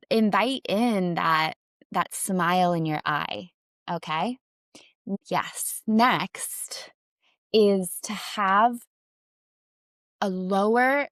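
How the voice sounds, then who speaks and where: A woman confidence coach talking in a chatty, relaxed way, with lots of casual fillers, in an advice vlog. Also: mid-range voice, no room sound, clean studio sound.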